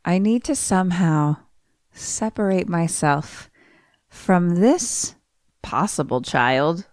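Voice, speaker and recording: A woman's voice: on the low side, lively intonation, takes it slowly, a little mellow, no room sound, clean studio sound. A young woman co-hosting a podcast, reacting expressively in casual chat. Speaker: podcast co-host.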